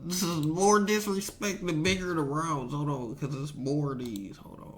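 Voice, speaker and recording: A man's voice: a little high, fairly even intonation, normal speed, slight background noise. A man hosting a reaction video, giving laid-back, disbelieving asides. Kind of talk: casual reaction commentary.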